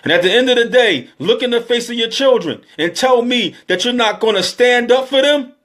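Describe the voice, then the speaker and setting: Man in his thirties, high voice, preaching with emotional, pleading repetition. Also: lively intonation, normal speed, fairly bright tone. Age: 30s. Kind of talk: impassioned exhortation.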